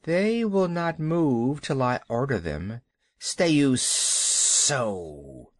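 A great old python from a storybook speaks in a slow, drawn-out hiss, every word commanding. His pitch wanders widely as he savours each phrase, put on by a man narrating. The sound is close and dry. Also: very animated, dry recording, heavily acted. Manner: slow, drawn-out hissing speech. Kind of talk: children's audiobook reading.

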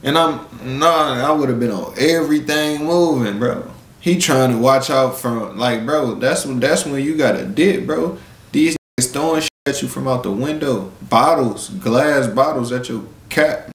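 A live-stream commentator delivers a blunt, preachy rant in street slang, lecturing his viewers and calling them "bro." His mid-range voice moves at a measured pace, and the room sounds echoey.

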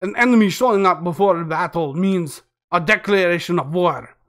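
A cold, formal young soldier speaks in a mock Russian accent, clipped and scornful, as a man puts him on. The voice sits high for a man. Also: moderate pace, fairly bright tone. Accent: put-on Russian. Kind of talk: game dialogue read aloud.

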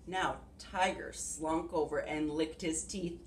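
A woman preschool teacher leading circle time and reading a storybook aloud, giving gentle, encouraging instructions to young children. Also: deep voice, fairly even intonation, slow, hardly any pauses, distant mic. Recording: echoey room with faint background hiss.

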